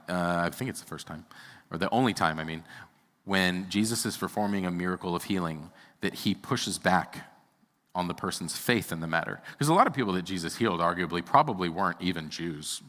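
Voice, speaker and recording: A man preaching a sermon to his congregation, his voice bright and forceful but pitched on the low side. He gets animated and jumps up high when he plays out other people's words. The sound carries a long reverb from the church hall. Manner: animated, voice jumps up when acting out quoted speech. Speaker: pastor. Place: church sanctuary.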